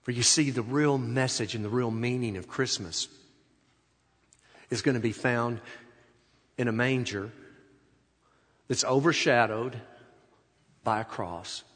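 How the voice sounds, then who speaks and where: A man preaching a sermon who tells a story dramatically, swinging between loud and hushed, in a large church hall. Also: medium pitch, a little slow, long pauses. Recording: echoey hall.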